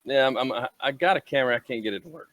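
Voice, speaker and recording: A man's voice: mid-range voice, very fast, dry recording. A man playing an online tabletop game, teasing the others in casual chat over a computer mic. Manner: teasing, loud joker. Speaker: player.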